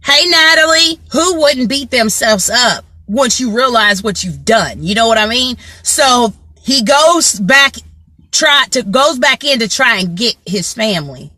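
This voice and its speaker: A woman's voice: fairly high pitch, animated, measured pace, pushed and bright, dry recording. A woman telling a story to her viewers in casual chat, often asking "you know what I'm saying" and greeting people by name. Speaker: motivational vlogger.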